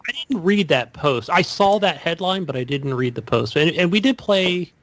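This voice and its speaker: A man co-hosting a gaming podcast in casual chat, chiming in quickly and agreeably. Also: on the high side, lively intonation, no echo. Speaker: podcast co-host.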